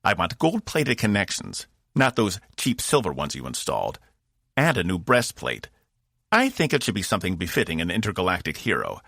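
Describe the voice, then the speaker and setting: A man's voice: low voice, huge pitch swings, normal speed, gravelly, bright, forceful tone, no echo, clean studio sound, full character voice. A man voicing a boastful, teasing male robot with a put-on Cockney voice in an audiobook. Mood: indignant. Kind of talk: audiobook narration.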